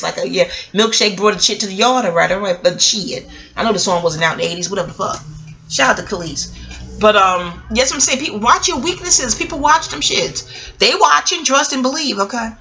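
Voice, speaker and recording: Bright-voiced New woman telling a story. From Queens, New York. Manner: animated, profane, street slang, jumps up in pitch for quoted voices. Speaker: vlogger. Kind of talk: casual storytelling monologue.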